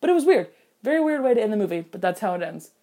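A woman talks through a movie in a loose, chatty commentary. She is animated and jokey, slipping into mock outrage and brief put-on voices for the characters. Her pitch sits in an ordinary middle range for a woman. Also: racing. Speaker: film reviewer. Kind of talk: casual solo commentary.

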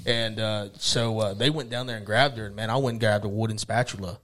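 A man's voice: lowish voice, steady tone, fairly quick, a bit bright. A man in his thirties in casual chat, talking in a blunt, stern and profane way.

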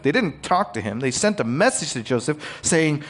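A man preaching a sermon, growing loud and emphatic on key points and retelling scripture in casual modern paraphrase. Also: mid-range voice, sing-song, normal speed, few pauses. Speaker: pastor.

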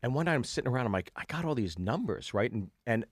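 A man's voice: mid-range voice, quick pace, breathy edge, no room sound, clean studio sound. A middle-aged man co-hosting a podcast, telling comic stories with lots of laughter and acted-out quotes. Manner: animated storyteller, acts out quotes, laughs often. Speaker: podcast co-host. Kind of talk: casual chat, comic storytelling.

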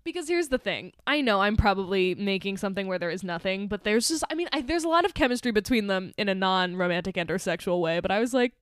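Excitable woman gushing about a film. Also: medium pitch, quick pace, hardly any pauses, smooth, no room sound, clean studio sound. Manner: animated, laughing, acts out movie lines. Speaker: podcast co-host. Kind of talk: casual film chat.

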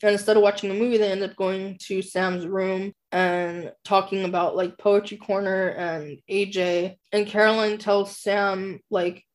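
A woman's voice: medium pitch, flat delivery, a little slow, few pauses. A woman co-hosting a casual book podcast, rambling through a plot recap full of "like" fillers. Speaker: podcast co-host.

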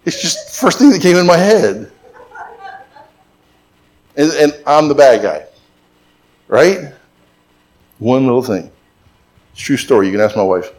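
A man's voice: medium pitch, animated, measured pace, long pauses, a little mellow. A middle-aged man preaching a sermon as pastor, mixing emphatic repetition with joking stories.

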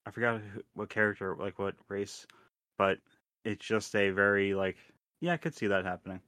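A man with a low voice chats on a podcast. He gropes for words and restarts often. His voice sounds dry and close, with no room around it. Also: bright, forceful tone, no echo. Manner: halting, many restarts and "like" fillers. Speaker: podcast co-host. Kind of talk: casual podcast chat.

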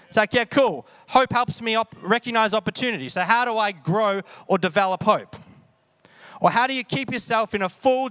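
A man with a notably high voice preaches a sermon, talking casually and often asking his listeners questions. The sound is dry and close, with no room around it. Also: pushed and bright, no room sound. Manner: conversational, asks the audience questions. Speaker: pastor.

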